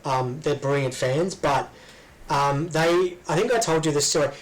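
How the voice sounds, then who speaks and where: A man's voice: a little high, moderate pace, poor audio. An Australian man co-hosting a casual chat, rambling with lots of ums and restarts. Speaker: podcast co-host.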